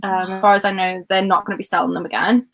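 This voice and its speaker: A woman's voice: medium pitch, little pitch movement, fast talker, creaky, fairly bright tone. A young woman from near Liverpool with a northern English and Scouse accent, chatting casually on a livestream and filling her talk with "like" and "um". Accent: mix of northern English and Scouse. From North West England, near Liverpool. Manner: chatty, says "like" and "um" often. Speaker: host.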